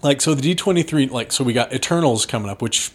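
A man's voice: mid-range voice, husky. A man hosting a podcast, playful and full of joking questions. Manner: playful, questioning, quick with jokes. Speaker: podcast host. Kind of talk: casual chat.

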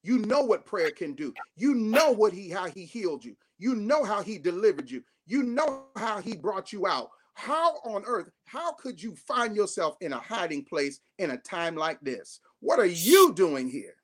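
A bishop preaches with a high voice and a Southern Black way of speaking. He builds phrases up to near shouts, then sinks into soft, slow repeats so his listeners answer him. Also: sing-song. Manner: call-and-response preaching, rising to shouts then dropping to hushed tones. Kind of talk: sermon.

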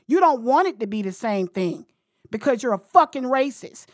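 A woman podcast host with a slightly high voice, speaking in a blunt, heated and profane way. The sound is close and dry, with no room echo. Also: expressive, normal speed. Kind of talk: casual podcast chat.

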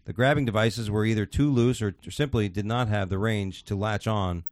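A man's voice: fairly low pitch, fairly even intonation, moderate pace, no echo. Crude, laughing male podcast host. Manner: crude, loose, swears often, laughs while reading. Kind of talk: casual comedic chat, reading news stories.

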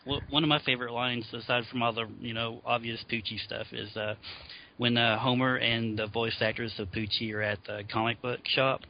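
A man's voice: mid-range voice, level tone, fairly quick, slight background noise. A man co-hosting a podcast, chatting casually and laughing as he retells favorite scenes. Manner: laughs often while recounting scenes. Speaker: podcast co-host. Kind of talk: casual chat. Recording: dull lo-fi audio.

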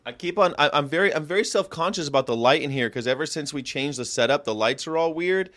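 A man from Southern California hosting a casual vegan livestream, talking in an animated, rambling way that jumps between jokes and pleas. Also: fairly high pitch, quick pace, no room sound. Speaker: vegan channel host.

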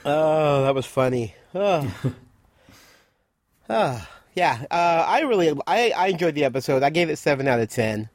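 A man's voice: fairly high pitch, expressive, a little slow, dry recording, clean studio sound. A man in casual chat, reviewing a TV episode with a co-host, enthusiastic and filling his talk with "I mean" and "you know". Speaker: podcast co-host.

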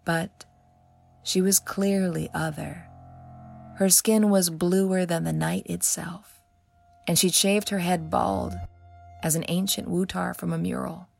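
Casting: low-voiced woman narrator, measured and expressive, gravelly texture, soft music behind. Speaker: author and narrator. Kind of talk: storybook narration.

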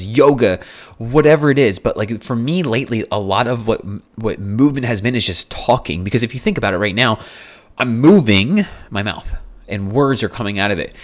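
A young man hosting a solo fitness podcast, talking bluntly with frequent swearing and restarts. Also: on the low side. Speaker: fitness coach and podcast host. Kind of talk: casual solo podcast monologue.

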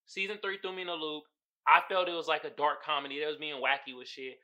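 Young male podcast host, high, very bright voice; loose, profane, animated recap. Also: fast, lo-fi sound. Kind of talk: casual chat.

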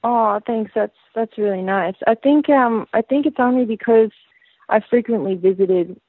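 A woman's voice: a little high, moderate pace, no room sound. Woman with an Australian accent on a phone line. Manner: relaxed and rambling, many fillers and restarts. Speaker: band singer, guest. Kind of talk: casual interview chat.

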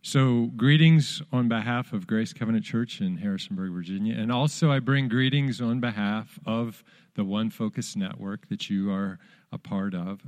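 Low-voiced visiting pastor bringing greetings. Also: male voice, a little mellow. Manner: friendly, measured, listing. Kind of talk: church greeting.

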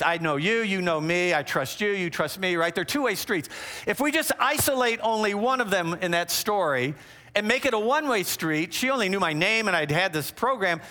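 In a fairly quick, high-sitting voice, a man teaches about relationships, keeping things lively and conversational and throwing in frequent asides to his listeners.

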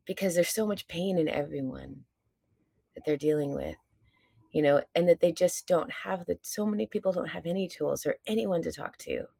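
A stage performer appears as a podcast guest in a casual chat, her deep, low-set voice creaky and mellow. She's earnest and reflective, speaking candidly at a moderate pace and letting the occasional curse slip. The recording is dry and close, with no echo or room sound.

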